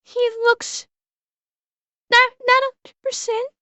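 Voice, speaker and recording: A woman's voice: extremely high pitch, flat delivery, takes it slowly, pushed and bright, no echo. A woman streamer chatting casually and exclaiming emotionally to her viewers on a close desk mic. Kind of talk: casual live-stream chat.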